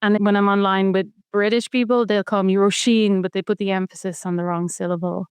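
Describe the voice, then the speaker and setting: Woman, Irish accent, podcast host, chatty, curious, smooth clear voice, dry close sound. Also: medium pitch, steady tone, no echo. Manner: chatty, curious, quick to laugh. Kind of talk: casual conversational interview.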